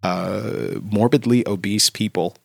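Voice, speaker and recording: A man co-hosting a podcast, chatting in a dry, wry, deadpan way. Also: lowish voice, a little slow, creaky, breathy edge, no echo. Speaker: podcast co-host. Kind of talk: casual chat.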